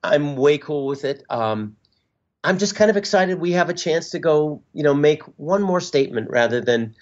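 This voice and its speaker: A man's voice: a little high, expressive, moderate pace, a little mellow, muffled recording. A middle-aged man being interviewed as a musician guest, talking in a reflective, openly sentimental way with easy fillers. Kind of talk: interview conversation.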